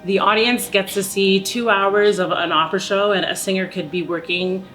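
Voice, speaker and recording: A woman's voice: medium pitch, steady tone, moderate pace, a bit bright, faint music behind. A young adult woman, an opera singer speaking openly in a documentary interview, with many "like" fillers. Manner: open and reflective, heavy use of "like" as a filler.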